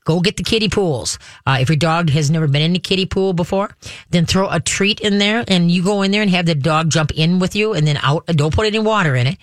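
A middle-aged man hosts a call-in style dog show, talking in a folksy, rambling way full of restarts. His voice sits a little high for a man. It is recorded close and dry on a studio microphone. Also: a little fast, no echo. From Minnesota. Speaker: radio show host on dogs. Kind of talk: casual radio talk.

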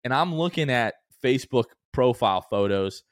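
Animated young man telling stories on a podcast. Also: moderate pace, no room sound, clean studio sound. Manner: animated storyteller, acts out quotes with big pitch jumps. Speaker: podcast co-host. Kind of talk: casual sports podcast chat.

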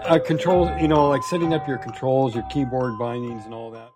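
A man's voice: mid-range voice, fairly even intonation, a little fast, music in the background. A man co-hosting a podcast in casual banter, sounding exasperated and self-mocking, with sighs and laughs. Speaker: podcast co-host.

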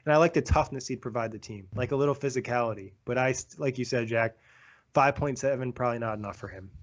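Fast-talking man breaking down basketball. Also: mid-range voice. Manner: quick, analytical, frequent fillers. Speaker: basketball podcast co-host. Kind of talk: casual sports chat. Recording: dull lo-fi sound.

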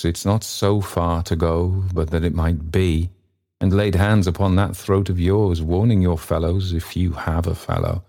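A man voicing a grieving old male messenger who calls out in a high, plaintive voice. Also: warm tone.

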